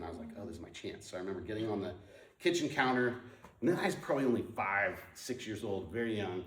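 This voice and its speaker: A man's voice: lowish voice, reverberant, far from the mic. A man sharing his personal testimony, storytelling with lots of ums and restarts. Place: moved to Portland in the nineties.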